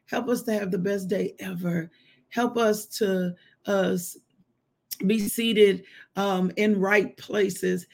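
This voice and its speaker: A woman in her forties leads a live devotional in a husky, breathy voice with a gravelly edge. She speaks with strong emotion and keeps breaking into heartfelt prayer and praise. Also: medium pitch, steady tone, slow. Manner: emotional and exclamatory, prays aloud with shouts of praise. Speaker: devotional host.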